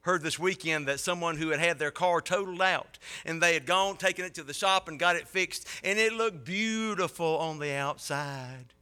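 Male preacher, high-ish and very bright, sermon that swells to impassioned peaks. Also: normal speed, few pauses, smooth. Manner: builds to loud impassioned peaks, then drops low.

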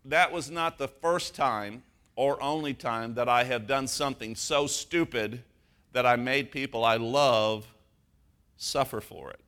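A man preaching a sermon as pastor, moving from a personal story to emphatic, slowed stress on key words. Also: mid-range voice, a bit bright.

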